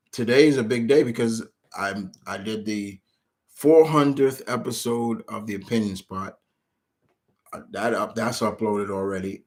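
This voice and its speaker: With a lowish voice, this man hosts his own live stream, talking casually and taking viewer questions. He wanders through his thoughts with lots of restarts and livens up as he recounts scenes.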